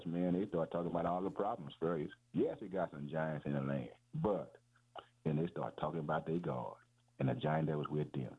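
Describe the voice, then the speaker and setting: A man's voice: low voice, husky. A man preaching a fervent, repetitive sermon, calling his listeners "man" and "boy". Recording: tinny phone-like radio broadcast.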